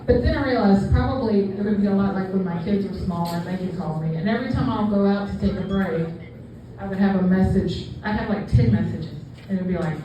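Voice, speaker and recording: A woman's voice: medium pitch, quick pace, dull audio, a little hiss or hum. A middle-aged woman doing a stand-up comedy set in a bar, talking in a rambling, conversational way with fillers. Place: bar or brewery room. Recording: echoey bar room from far.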